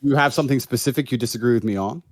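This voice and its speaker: Fast-talking combative man on a stream. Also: medium pitch. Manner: combative, mock-formal challenging. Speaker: stream guest. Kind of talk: live stream debate. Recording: played from a stream recording.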